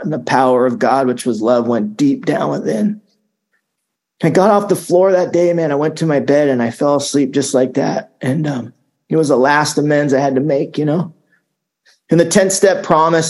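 A middle-aged man telling his recovery story in a casual, halting way, often repeating words and saying "man" and "dude". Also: fairly high pitch, a little mellow. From Southern California. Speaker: speaker sharing recovery story. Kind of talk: recovery talk.

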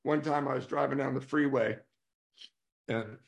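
A man's voice: mid-range voice, fairly even intonation, normal speed, vocal fry. A middle-aged man from California giving a candid personal recovery talk at a convention, telling stories and acting out what others said. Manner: candid storytelling, acting out quoted voices. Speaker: recovery speaker. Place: convention hall.

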